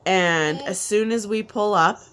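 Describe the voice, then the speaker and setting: A woman's voice: mid-range voice, measured pace, a bit bright, a little hiss or hum. A woman in her thirties telling a family trip story in a casual, chatty way, laughing often and trailing off mid-sentence. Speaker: vlogger.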